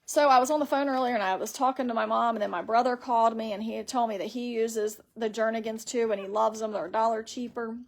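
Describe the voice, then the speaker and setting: A woman's voice: fairly high pitch, steady tone, fast, creaky, hardly any pauses. A woman hosting a casual live stream on her phone, rambling through her story and reading viewer comments aloud.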